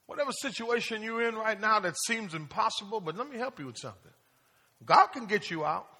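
A male pastor preaches with a high, lively voice that swoops up and down. His tone is bright and a little husky. He keeps calling out questions to the congregation, and his words ring through a big church hall with a long reverb. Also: a little fast. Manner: call-and-response preaching, asks the congregation questions; plain-spoken, acts out casual prayers. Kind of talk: sermon. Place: church sanctuary.

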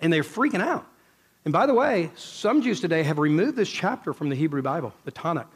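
A man preaches with a high, bright-pitched voice that climbs even higher when he gets excited. He is emphatic and animated, dropping into low, intense passages when he quotes scripture. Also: breathy edge. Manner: emphatic, swings from loud exclaiming to low intense delivery; quotes scripture and retells stories in others' voices. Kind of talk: sermon.

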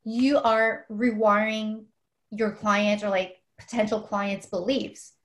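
A woman's voice: mid-range voice, level tone, slow pace, fairly bright tone. A woman hosting a casual interview, chatty and using "like" often. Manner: chatty, leans on "like" a lot. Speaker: podcast host.

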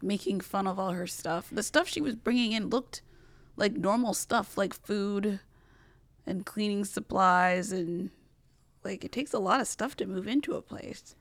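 A woman's voice: mid-range voice, measured pace, no echo. A woman co-hosting a podcast, chatting casually about a reality show and using a lot of "like". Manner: chatty, frequent "like" fillers. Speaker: podcast co-host. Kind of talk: casual podcast recap chat.

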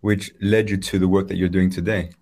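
A man hosting an interview who asks measured, probing questions. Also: low voice, little pitch movement, a little mellow. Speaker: host.

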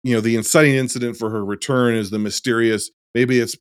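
A man co-hosting a casual film podcast, rambling through plot details and often trailing off quietly. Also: mid-range voice, fairly even intonation, fast talker, dry recording, studio quality. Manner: rambling, trails off softly, many fillers. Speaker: podcast co-host.

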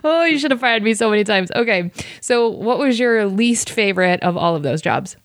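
A woman's voice: medium pitch, expressive, normal speed, no echo, clean studio sound. A woman hosting a casual chat, chatty and self-deprecating as she asks about past jobs.

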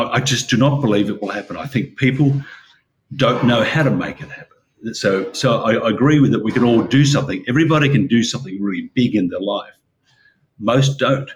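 A man's voice: medium pitch, a little hiss or hum, poor audio. A man hosting a conversational discussion, speaking hesitantly with repeated restarts and an argumentative push.

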